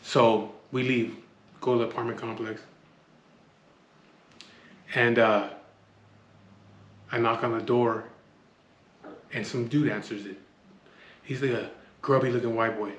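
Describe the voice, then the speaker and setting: A man's voice: mid-range voice, fairly even intonation, a little slow, pauses often, muffled recording. Blunt, profane man telling stories. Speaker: storyteller. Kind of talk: casual storytelling. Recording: echoey room, faint noise.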